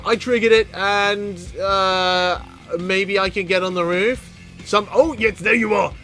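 A man giving excitable gameplay commentary as a channel host, laughing often and breaking into loud exclamations. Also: high-pitched, slow, faint music behind.

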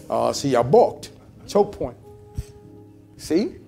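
A man's voice: high-pitched, huge pitch swings, brisk, vocal fry, long pauses, darkish tone, soft background music. A male pastor preaching a sermon with passion, repeating phrases and calling out to the congregation. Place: church service in a hotel venue.

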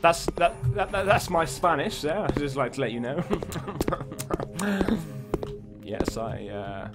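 A man's voice: fairly high pitch, animated, slow pace. A man talking to himself while playing a horror game, jumpy and swearing as he goes. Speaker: gaming YouTuber. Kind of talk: horror game let's play commentary. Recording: game music underneath. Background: spooky game music.

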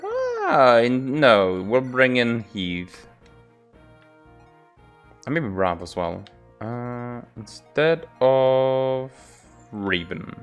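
A man hosting a let's play, musing aloud in casual commentary as he picks his units. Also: medium pitch. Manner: musing aloud, unhurried, trailing off.

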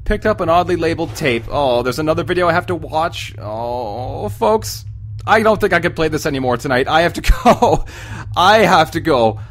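A man's voice: on the high side, animated, a little fast, a bit bright. A man hosting a let's play of a horror game, jumpy and exclaiming, talking to his viewers as folks.

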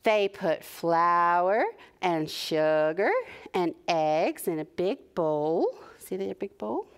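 A young adult woman leading a preschool story time, talking to small children in an animated, encouraging sing-song. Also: on the low side, slow, smooth. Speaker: children's librarian.

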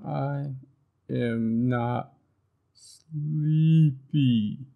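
A man voicing a restless little bird who won't go to bed, in a high, squealing, bratty voice for a storybook reading. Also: extremely slow, gravelly, narrow, tinny audio. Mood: playful, whiny.

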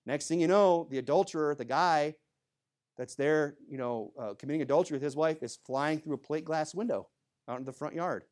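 A man with a fairly high speaking voice preaches a sermon in a church. He talks in a loose, conversational way, full of asides, and jumps from loud, emphatic bursts down to low, quiet remarks. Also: brisk. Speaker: pastor.

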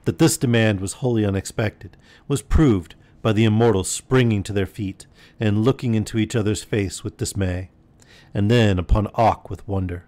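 Guy reading a bedtime story out loud, kinda low voice, steady and expressive. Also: normal speed, dry recording.

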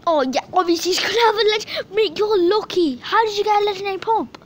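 A woman giving excitable, frustrated live commentary on her gameplay, often yelling at opponents. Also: very high voice, fast talker. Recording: voice over game music.

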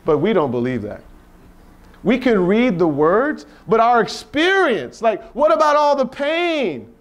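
A man preaches at a retreat in a high voice that leaps up and down. He talks slowly and deliberately, firing rhetorical questions with a playful edge. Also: very animated. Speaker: Bible study leader.

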